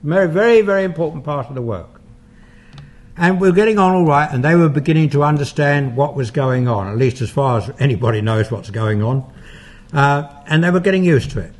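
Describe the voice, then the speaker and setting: Older man with a husky voice. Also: a little high, lively intonation, fairly quick. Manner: anecdotal, conversational, with fillers and asides. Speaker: paranormal investigator giving a lecture. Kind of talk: public talk with audience questions.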